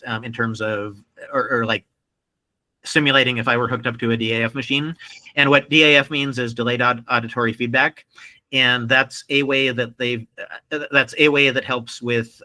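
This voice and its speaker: A man talking unscripted to camera in a very bright, forward voice. His sentences loop back on themselves with repeated words, restarts, and steady fillers. Phrases tumble out in quick spurts before he catches himself and starts again. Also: medium pitch. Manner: many repetitions, restarts and fillers, bursts of speed. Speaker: video creator talking about his speech. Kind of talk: casual unscripted monologue.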